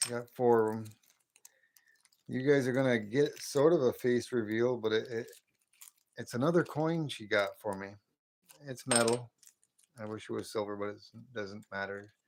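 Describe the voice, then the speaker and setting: A man's voice: mid-range voice, moderate pace, pauses often, a little mellow, slight background noise. A middle-aged man hosting a casual live stream from home, chatting in a folksy way and calling viewers brother.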